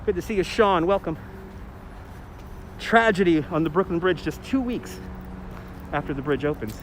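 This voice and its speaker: A man hosting a live walking tour on a city bridge and promenade chats with livestream viewers, greeting them by name, while filming on a phone mounted on a gimbal. His voice is a little high and animated, at a moderate pace. The audio is poor, with loud urban traffic noise.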